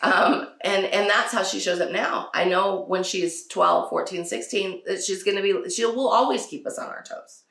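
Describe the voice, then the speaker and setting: A woman's voice: medium pitch, moderate pace, creaky, few pauses, a bit bright. A woman hosting a casual parenting talk. She laughs often and acts out quotes from her children. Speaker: podcast host. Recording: echoey room.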